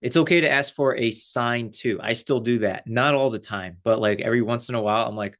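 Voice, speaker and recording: A man, a life coach, giving a casual, animated spiritual talk with lots of fillers and frequent laughter. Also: mid-range voice, a little fast, few pauses.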